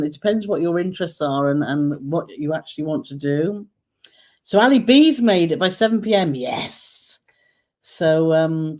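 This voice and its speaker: Chatty woman hosting a live Q&A. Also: fairly low pitch. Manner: chatty, warm greetings, trailing "aren't we?" tags. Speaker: co-host of a travel channel live Q&A. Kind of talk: casual live-stream chat reading viewer comments.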